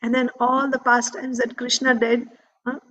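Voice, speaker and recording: A woman with a fairly high voice teaches a scripture class by retelling a devotional story. She talks conversationally, checks in with "right?" and laughs softly now and then. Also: little pitch movement, normal speed. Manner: conversational, with frequent "right?" asides and soft laughs.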